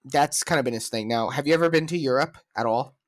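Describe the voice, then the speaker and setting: A male podcast host argues his views in loose, opinionated chat. His voice is medium in pitch and recorded close and dry, with no room echo. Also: quick pace. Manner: opinionated, argumentative. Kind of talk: casual chat.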